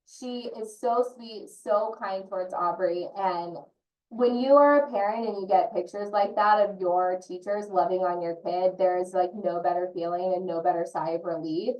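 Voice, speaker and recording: A woman's voice: on the low side, steady tone, moderate pace, darkish tone. Earnest woman on a roomy distant mic. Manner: earnest, personal, heartfelt. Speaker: early childhood consultant and parent. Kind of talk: presenting in an online training session.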